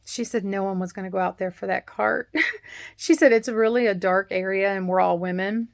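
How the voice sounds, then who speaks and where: A woman's voice: medium pitch, moderate pace, vocal fry. A middle-aged woman, rambling through a casual story and acting out the other people in it. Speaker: cooking channel host.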